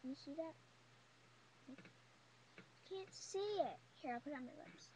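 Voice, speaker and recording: A woman's voice: sits high, expressive, unhurried, dark tone, slight background noise, low-quality recording. A young woman chatting casually in a beauty haul vlog, gushing and chatty, full of fillers. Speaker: beauty vlogger. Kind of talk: casual haul video chat.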